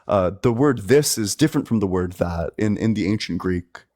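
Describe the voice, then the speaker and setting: Debate host, man, lowish voice, methodical and measured. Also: lively intonation, a little mellow. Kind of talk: online debate.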